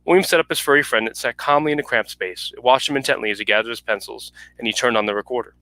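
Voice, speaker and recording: Brisk bright-voiced man reading aloud. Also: medium pitch, no room sound. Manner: brisk, clipped reading with small restarts. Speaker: author reading his story. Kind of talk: reading fiction aloud at a virtual book launch. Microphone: home video call mic.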